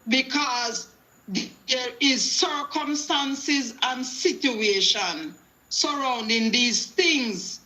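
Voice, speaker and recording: A high-pitched Jamaican woman calls in to a talk show and tells her testimony like a sermon. She quotes scripture and slips into patois as she acts out what everyone said. Her voice rings bright and sharp. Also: extremely slow. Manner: preachy storytelling, quoting scripture, acting out dialogue in patois. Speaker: caller.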